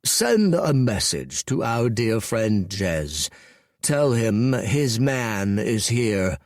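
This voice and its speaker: A man's voice: lowish voice, very animated, very slow, dry recording, studio quality, heavily acted. A man voicing a lazy, smug male dragon lord who drawls his lines with condescension. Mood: drawling, smug.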